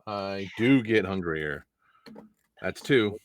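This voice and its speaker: Low-voiced Chicago man at the table. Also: slow, background noise. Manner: relaxed, laughs easily, swears casually. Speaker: player. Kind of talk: casual tabletop role-play.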